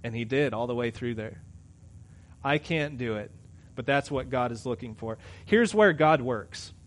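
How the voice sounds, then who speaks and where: A middle-aged pastor preaching a sermon, conversational, swinging between loud emphatic lines and quiet asides. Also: male voice, mid-range voice, animated, measured pace.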